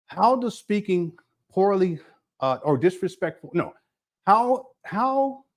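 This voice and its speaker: A man hosting a livestream, commenting casually and mockingly while laughing often. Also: on the high side. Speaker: livestream host.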